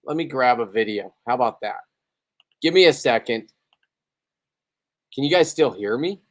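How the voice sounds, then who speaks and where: A man's voice: mid-range voice, lively intonation, moderate pace. Tipsy, cussing man rambling on a livestream. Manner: rambling, profane, boastful. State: tipsy after beers and an edible. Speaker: livestreaming spearfisherman. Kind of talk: casual livestream chat.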